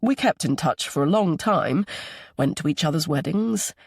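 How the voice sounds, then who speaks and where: A man voicing a kind, regretful older grandfather who speaks gently and politely. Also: on the high side, expressive, normal speed, vocal fry, breathy edge, dry recording, studio quality, heavily acted. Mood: gentle.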